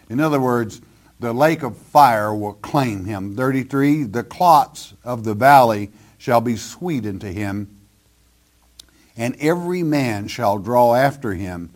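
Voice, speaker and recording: An older man teaching a sermon verse by verse, reading scripture and then explaining it in plain, deliberate words. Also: mid-range voice. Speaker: preacher.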